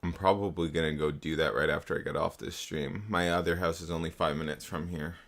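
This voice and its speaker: A man's voice: low voice, steady tone, a little fast, a bit bright. A young man chatting casually on a live stream, swearing often and repeating himself, into a desktop mic at home. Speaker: livestreamer. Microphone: desktop USB mic.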